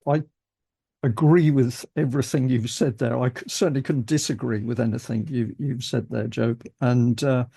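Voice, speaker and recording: A man's voice: medium pitch, fairly even intonation, normal speed, gravelly, dark tone, husky. A man from Britain hosting a political interview, talking in a hesitant way with frequent restarts. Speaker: host, interviewer.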